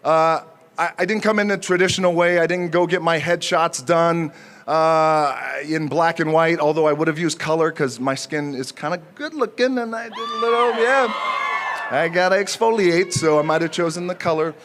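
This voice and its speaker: A man in his forties speaks off the cuff at an outdoor honor ceremony, with a voice pitched slightly higher than most men's. He jokes easily and stumbles through plenty of fillers and restarts. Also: fairly bright tone, slight background noise. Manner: jokey, halting, speaks from the heart with many fillers. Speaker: honoree giving an acceptance speech. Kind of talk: unscripted ceremony speech. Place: outdoor ceremony before a crowd.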